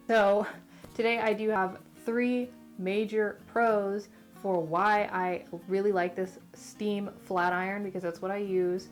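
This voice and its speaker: A woman's voice: medium pitch, fairly even intonation, takes it slowly, faint music behind. A young Californian woman in a casual vlog, chatty and rambling with lots of "like", her speech slightly muffled after dental surgery. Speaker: beauty vlogger. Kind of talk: casual chat to camera.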